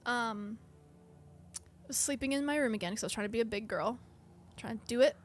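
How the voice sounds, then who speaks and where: A woman co-hosting a casual podcast, telling a ghost story in an animated, halting way with many restarts. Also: a little high, slight background noise. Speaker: podcast co-host.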